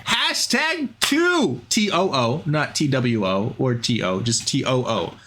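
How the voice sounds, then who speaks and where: A man hosting a playful comedy game show on a live stream, goofy and full of quick asides. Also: mid-range voice, animated. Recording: noisy online stream audio.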